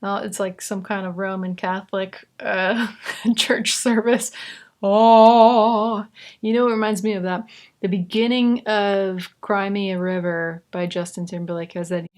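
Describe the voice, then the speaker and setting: A young woman explaining how she records and layers vocals, in a chatty, relaxed way with asides. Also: mid-range voice, a little slow. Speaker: vocal producer teaching. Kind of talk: casual tutorial explanation.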